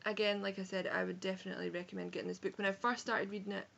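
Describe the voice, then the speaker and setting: Young Edinburgh woman, frank and chatty book vlogger, creaky edge, muffled webcam sound. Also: mid-range voice, flat delivery, racing, fairly bright tone. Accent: Scottish, Edinburgh. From Scotland. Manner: chatty, frank, sprinkled with swearing and self-corrections. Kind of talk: casual book review vlog. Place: home room on a rainy day.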